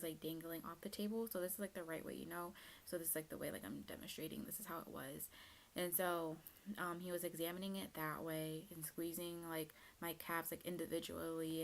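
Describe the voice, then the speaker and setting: Gravelly-voiced young woman telling a story. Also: on the low side, slight background noise. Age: young adult. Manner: chatty, lots of fillers. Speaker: vlogger. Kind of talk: casual storytime.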